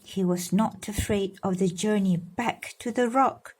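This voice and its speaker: A woman reading a storybook aloud to her godchildren, pausing to explain and coax them with questions. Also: mid-range voice. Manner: warm, coaxing, explains and asks children questions. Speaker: godmother reading to children.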